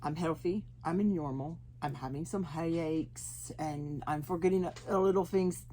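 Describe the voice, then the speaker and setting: An Oklahoma woman with an Oklahoma accent, an interview guest, shares her personal testimony, chatting and laughing despite slowed, halting speech after a stroke. Her voice is low-pitched and mellow, with a little hiss or hum on the recording.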